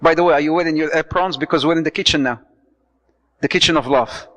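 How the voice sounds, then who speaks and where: A man giving a lively marriage lecture to an audience, acting out little dialogues and mixing in Arabic phrases. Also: fairly high pitch, fast talker, long reverb tail, rough recording. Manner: animated, acts out dialogue, mixes Arabic phrases, joking. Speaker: Islamic speaker.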